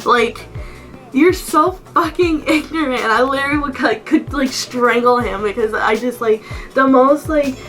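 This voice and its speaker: A young woman telling a storytime vlog as a casual rant, animated and full of swearing and "like" fillers. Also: fairly high pitch, normal speed, soft background music, low-quality recording. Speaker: vlogger. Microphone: camera mic.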